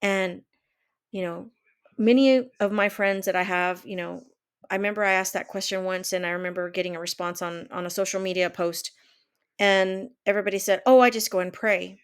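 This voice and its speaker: A woman's voice: mid-range voice, fairly even intonation, moderate pace, clear, resonant tone. A woman in her fifties talking casually to camera from her home office, rambling with many fillers and restarts. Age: 50s. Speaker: vlogger and life coach.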